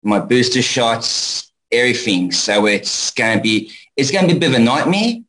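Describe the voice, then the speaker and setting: A man's voice: medium pitch, animated, normal speed, a bit bright. A man from Australia with an Australian accent, co-hosting a casual video call show, friendly and a bit nervous. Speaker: co-host.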